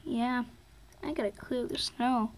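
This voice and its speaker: A woman plays an excitable young race car who trips over his words as he talks. The voice sits high and moves slowly. It has the feel of a homemade toy story. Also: noisy background. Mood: cheerful. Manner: eager, stumbling repeats. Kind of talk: toy car play-acting.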